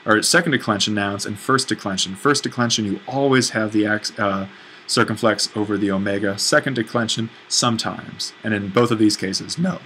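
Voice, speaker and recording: A man gives a recorded lecture in a bright, forward voice. He explains patiently and thinks aloud, pausing on fillers and fixing his own slips. A faint hiss sits under the recording. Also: on the low side, poor audio. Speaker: teacher.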